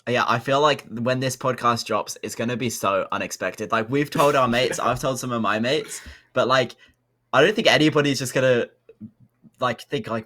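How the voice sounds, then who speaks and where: A young adult man co-hosts a podcast in a chatty, upbeat style, using lots of fillers in casual conversation. His medium-pitched voice is pushed and bright, at a normal speed.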